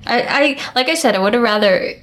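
A woman's voice: on the high side, fairly quick, a bit bright. A young woman co-hosting a casual podcast, teasing and laughing often as she rambles through stories and plugs. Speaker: podcast co-host. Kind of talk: casual chat.

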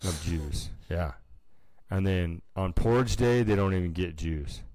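A man's voice: low-pitched, darkish tone, no room sound. A man co-hosting a podcast, chatting casually and telling rambling stories full of "like" and "dude". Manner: slips into quick put-on voices for people in his stories. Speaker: podcast co-host. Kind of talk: casual chat.

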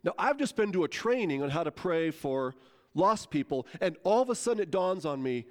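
Pastor guy telling a story from the pulpit, lively and chatty, voice a bit on the high side. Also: brisk. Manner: animated, conversational, acts out quotes. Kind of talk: sermon storytelling.

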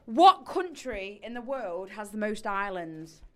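A woman's voice: mid-range voice, sing-song, unhurried, fairly bright tone. A woman with an English accent hosting a casual quiz, bossy and teasing with her guests. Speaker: quiz host.

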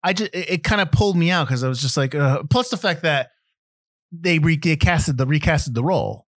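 A man's voice: on the high side, a little fast, no room sound, studio quality. A man hosting a podcast in a casual film chat, telling stories with many restarts. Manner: rambling, animated storyteller with many restarts. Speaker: podcast host.

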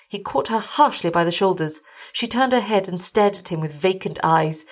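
A woman reading a gothic short story aloud as host of a story show. Her delivery is measured and deliberate, with a husky, breathy edge. Her voice sits fairly low for a woman. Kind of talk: scripted story narration.

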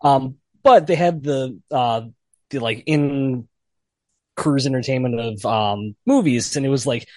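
A man's voice: mid-range voice, unhurried, darkish tone, dry recording. A man appearing as a podcast guest, joking in casual chat with many filler words.

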